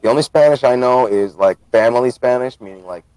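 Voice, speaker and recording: A man's voice: mid-range voice, fairly quick, darkish tone, clean tone, low-quality recording. A man from the United States streaming a game, chatting casually and explaining things at length. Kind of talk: casual gaming chat.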